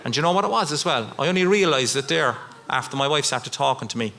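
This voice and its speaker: A middle-aged Irish man performing stand-up comedy, telling a story with swings from low mutters to high outbursts. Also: fast talker, creaky, sharp tone. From Ireland. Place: live stage.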